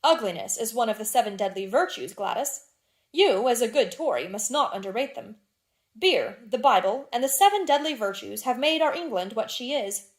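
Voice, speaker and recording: Female narrator voicing an epigram-spouting Victorian aristocrat, dry and slightly high. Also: expressive, normal speed, lightly acted. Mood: drily witty. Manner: dry, epigrammatic drawing-room wit. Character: witty, cynical aristocratic Victorian gentleman.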